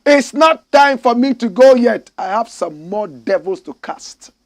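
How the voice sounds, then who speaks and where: A man's voice: very high voice, expressive, unhurried, voice pushed up, exaggerated voice. A man mimicking a triumphant defiant preacher. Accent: Ghanaian.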